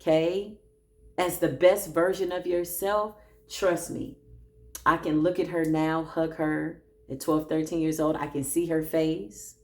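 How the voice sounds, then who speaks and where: A woman giving a motivational spiritual talk, speaking in lively affirmations and calling out to her listeners. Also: low voice, a little slow. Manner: animated, affirming, calls out to the audience. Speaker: spiritual practitioner.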